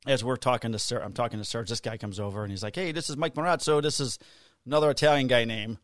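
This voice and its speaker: A man's voice: medium pitch, fast, no room sound, clean studio sound. A man in his fifties, a podcast co-host, telling a long casual story with swearing and acted-out dialogue. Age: 50s. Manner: profane, animated storyteller acting out dialogue.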